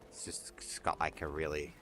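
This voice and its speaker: A man's voice: rumbling low, monotone, moderate pace, a bit bright, soft background music. A British man chatting casually on his gaming livestream, rambling with restarts and little chuckles. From Britain. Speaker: streamer.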